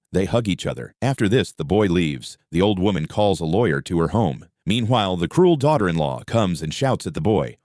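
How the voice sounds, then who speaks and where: A man narrating a short moral story in a plain scripted read. His voice sits on the low side yet moves a lot in pitch, and the recording is dry and close with no room sound. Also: animated, normal speed, hardly any pauses, a little mellow, dry recording.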